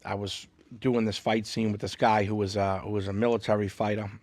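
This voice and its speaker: A man's voice: fairly low pitch, brisk, no echo. A man with a Boston accent, a guest on a podcast, telling jokey, boastful stories in casual studio chat. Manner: animated storyteller, jokey and boastful. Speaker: guest comedian.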